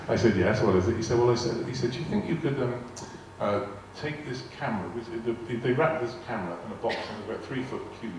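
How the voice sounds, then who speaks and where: A man's voice: mid-range voice, fairly quick, hardly any pauses. Older man telling stories in echoey hall. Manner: rambling, repeats words, acts out quoted dialogue. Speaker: guest speaker telling anecdotes. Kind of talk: storytelling to a live audience. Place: large arts hall. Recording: echoey hall, distant mic, faint noise. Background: audience laughter.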